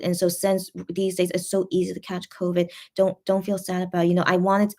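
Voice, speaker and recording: Reading viewer comments on her casual livestream, a young adult woman with a fairly low-pitched voice works through them haltingly and comfortingly, restarting often.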